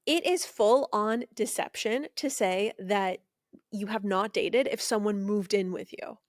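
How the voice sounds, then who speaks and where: A young woman co-hosting a podcast in casual chat, animated and incredulous, laughing often, close to the mic. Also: medium pitch, unhurried, no room sound. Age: young adult. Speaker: podcast co-host.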